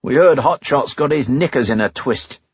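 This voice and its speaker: An audiobook reader voicing a nervous mechanic who sounds queasy. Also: male voice, mid-range voice, expressive, normal speed, breathy edge, no room sound, muffled recording, voice pushed up. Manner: queasy, jittery. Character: nervous English helicopter mechanic.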